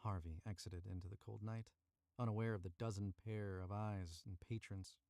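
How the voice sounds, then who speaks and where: His lowish, dark voice carries vocal fry and fairly even intonation at a normal speed, recorded in studio quality without room sound. A voice actor, he reads a story live from a small booth, chats with viewers, and redoes lines he stumbles over.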